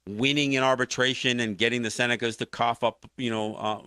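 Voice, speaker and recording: A man's voice: lowish voice, clean tone, no echo, studio quality. A man hosting a political talk show, arguing a point with passion and many restarts. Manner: animated, impassioned commentary with frequent restarts.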